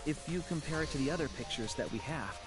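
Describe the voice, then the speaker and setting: A man voicing a quiet, hesitant teenage boy detective in an English game dub, who speaks in a halting way. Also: fairly high pitch, expressive, close to an everyday voice. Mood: explaining. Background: loud game music.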